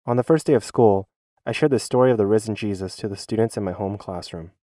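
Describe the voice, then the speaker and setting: A man voicing a schoolteacher's church testimony as a dubbed voice-over, in an earnest, measured reading. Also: lowish voice, warm tone, no echo, studio quality.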